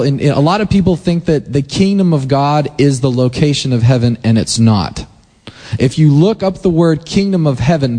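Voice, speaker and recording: A man preaching a sermon in a loose, conversational way, retelling scripture with quick voiced quotes and growing emphatic. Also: on the high side, dark tone. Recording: long hall reverb.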